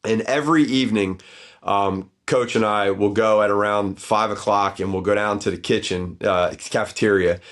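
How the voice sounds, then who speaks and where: A middle-aged former football head coach, guesting on a casual podcast, tells stories in a lowish voice at normal speed. He's an animated storyteller whose voice jumps up whenever he acts out what people said.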